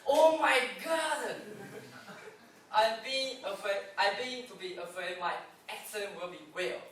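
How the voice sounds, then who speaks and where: High, lively man in echoey hall. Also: slow pace, distant mic. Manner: laughs through his own jokes. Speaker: club speaker. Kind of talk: humorous prepared speech.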